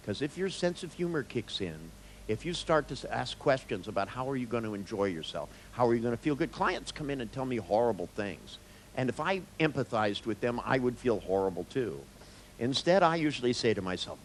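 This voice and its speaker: A man's voice: mid-range voice, big pitch swings, a little fast, a little hiss or hum, poor audio. A man, a therapist, giving a live seminar talk, telling stories with jokes and blunt swearing. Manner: joking, storytelling, blunt, with swearing.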